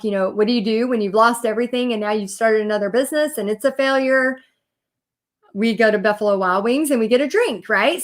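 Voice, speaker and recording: A woman in her thirties talks straight to her viewers over a live video, her voice sitting a little high. She rambles warmly through a personal story, filling it with "like" and "you know" and acting out what people said. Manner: chatty, animated storytelling with many fillers. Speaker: business coach. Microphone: computer or phone mic on a live video.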